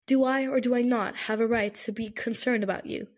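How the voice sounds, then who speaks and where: A woman's voice: a little high, steady tone, fairly quick, lightly acted. A woman reading an audiobook, voicing a protective young man who speaks firmly and earnestly. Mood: sharp. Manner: firm, insistent, earnest. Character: firm, caring young man, protective and stubborn. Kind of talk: audiobook character voice.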